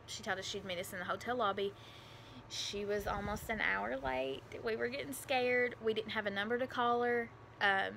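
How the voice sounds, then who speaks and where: Speaking to her camera, a vlogger tells the personal story of her adoption in a bright, forward, mid-range voice. Her telling is emotional and rambling, filled with fillers and restarts, and a faint hiss runs beneath the recording.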